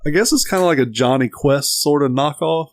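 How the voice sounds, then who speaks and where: Swearing podcast co-host, dry sound. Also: male voice, a little fast, no room sound. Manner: swears a lot, acts out cartoon scenes with high voices. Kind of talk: casual chat.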